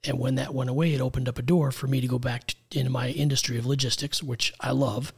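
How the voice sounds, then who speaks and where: American male guest, gravelly and husky, earnest storyteller. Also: mid-range voice, fairly even intonation, quick pace. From United States. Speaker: guest, executive coach. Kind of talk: conversational interview.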